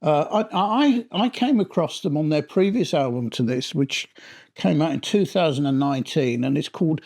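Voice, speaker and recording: A man's voice: fairly high pitch, animated, moderate pace, a little mellow. A middle-aged man giving a casual, rambling spoken review of a vinyl album, often restarting his sentences. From Britain.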